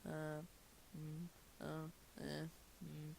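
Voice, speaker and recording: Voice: mid-range voice, completely flat delivery, drawn-out words, gravelly, a little mellow, slight background noise. A person casually reading a cartoon script aloud, rambling and commenting on their own slips. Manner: rambling, laughing asides, self-commentary. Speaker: script reader.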